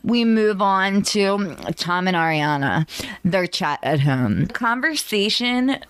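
A woman co-hosting a podcast, recapping an episode in casual chat, steady and questioning. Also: mid-range voice, takes it slowly, clear, resonant tone, dry recording. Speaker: podcast co-host.

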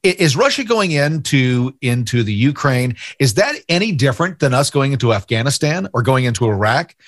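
A man hosting a casual podcast conversation, who repeats his points and drops in quick agreements. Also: medium pitch, sing-song. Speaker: podcast host.

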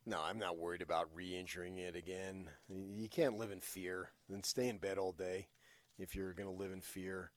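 Deep voiced radio sports guy, opinionated, lots of uh's, dry studio sound. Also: steady tone, moderate pace, no room sound. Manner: opinionated, emphatic, many "uh" fillers. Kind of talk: casual sports talk.

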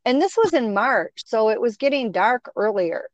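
A woman's voice: on the high side, normal speed, no echo. Middle-aged woman, casual storyteller, acts out quotes, muffled close sound. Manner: animated, acts out quoted voices. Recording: dull, dry sound.

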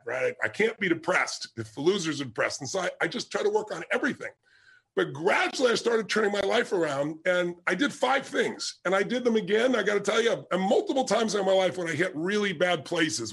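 A man's voice: fairly high pitch, creaky, fairly bright tone, slightly rough. A middle-aged man giving an emphatic motivational talk to his audience, telling stories and punching key words. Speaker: motivational speaker.

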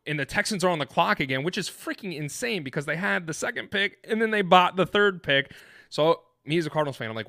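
A man co-hosting a podcast, retelling an experience in an excited, rambling way, full of restarts and fillers. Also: on the high side, fast, gravelly, dry recording, clean studio sound. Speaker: podcast co-host. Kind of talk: animated storytelling in casual chat.

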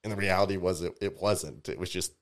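A man from Tampa, a DJ and music producer, telling animated stories in casual podcast chat, his voice jumping up when he acts out what people said. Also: low-pitched, fairly quick. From Tampa, Florida. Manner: animated storyteller, voices rise sharply in quoted outbursts.

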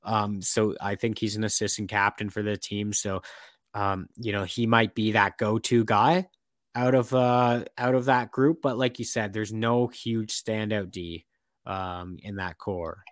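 A man's voice: on the low side, steady tone, unhurried, no echo, studio quality. A young man co-hosting a casual sports chat, rambling with lots of fillers and restarts.

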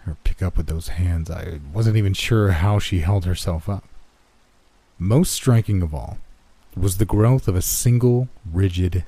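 A man reading a first-person horror story aloud in a slow, measured, hushed manner. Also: low-pitched, no echo. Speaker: narrator. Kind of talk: scripted horror story narration.

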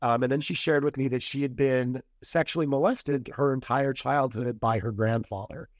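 A man's voice: mid-range voice, fairly even intonation, moderate pace, dry recording. Male podcast guest, casual storyteller, mid-range voice, dry close sound. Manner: rambling retelling with quoted dialogue and restarts.

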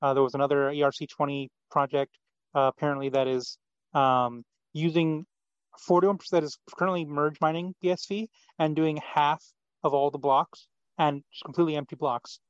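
A man's voice: fairly high pitch, fairly even intonation, normal speed, smooth, no room sound. A man as a podcast guest, blunt and dismissive in casual chat. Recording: dull lo-fi sound.

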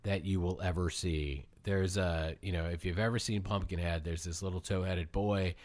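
A man with a fairly low voice talks through a film recap as a podcast host. He rambles, circles back on himself and laughs often, keeping it casual. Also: steady tone, normal speed, darkish tone.

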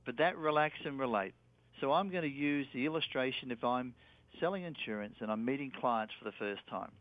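An Australian man, a sales trainer, calmly walking through a sales method as a guest. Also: mid-range voice, brisk. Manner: steady, instructive, with fillers. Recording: dry, tinny phone line.

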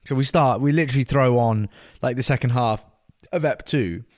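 A man's voice: medium pitch, normal speed, no echo, clean studio sound. A man co-hosting a podcast, chatting casually and teasing his partner in playful banter. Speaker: podcast co-host. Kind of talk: casual chat.

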